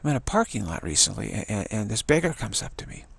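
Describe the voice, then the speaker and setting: A man in his sixties with a gravelly, husky voice gives a rambling spiritual talk, speaking fast and very animatedly in a lowish register. He halts often as he teaches, repeating words and restarting sentences. The recording is dry.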